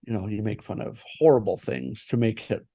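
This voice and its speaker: A man, a tattoo artist, chatting casually and swearing often, with halting restarts. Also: lowish voice, fairly even intonation, vocal fry, mellow, dry recording. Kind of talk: casual podcast chat.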